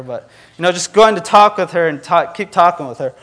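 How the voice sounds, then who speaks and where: A man's voice: a little high, expressive, fairly quick, a bit bright. A young man preaching a conversational sermon, earnest and sprinkled with fillers as he tells a personal story.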